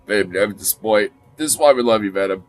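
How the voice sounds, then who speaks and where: A man's voice: lowish voice, fast talker, a little hiss or hum. A man chatting casually with his viewers on a livestream, crude and joking. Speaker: streamer.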